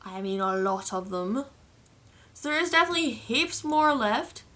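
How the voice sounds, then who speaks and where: Bright-voiced Australian woman vlogger. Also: a little high, animated, moderate pace. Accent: South Australian. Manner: chatty, playful, laughs at the entries. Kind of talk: casual vlog reading a slang list.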